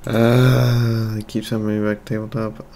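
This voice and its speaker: A man's voice: fairly low pitch, flat delivery, moderate pace, background noise. A man hosting his channel while playing, cracking jokes and making asides to the viewers. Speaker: channel host and player. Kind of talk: casual chat.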